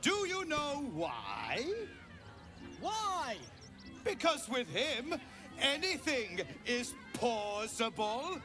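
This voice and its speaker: A cheery, pun-loving clown with a sing-song, gleeful delivery. The voice is pitched very high and bounces widely, taking its time, while music plays clearly in the background. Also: male voice, huge pitch swings, drawn-out words, heavily acted. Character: cheery male clown telling puns.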